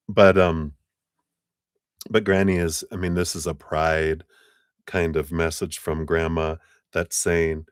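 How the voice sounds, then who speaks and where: A man's voice: deep voice, little pitch movement, takes it slowly, long pauses, clear, resonant tone, no echo, studio quality. A man giving a chatty live tarot reading, laughing often as he talks. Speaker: tarot reader.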